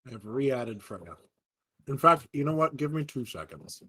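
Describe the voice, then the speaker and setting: A man running an online tabletop game and giving brisk, practical instructions to the players. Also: mid-range voice, big pitch swings, pushed and bright, slightly rough. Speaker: game master. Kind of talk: casual chat running a game.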